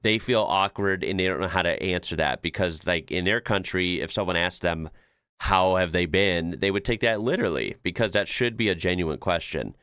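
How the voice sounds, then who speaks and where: An American man hosts a reaction video, chatting in a laid-back way with lots of fillers and frequent chuckles. His low voice is clear and resonant, at a moderate pace with a fairly bright tone. The studio sound is clean, with no room sound.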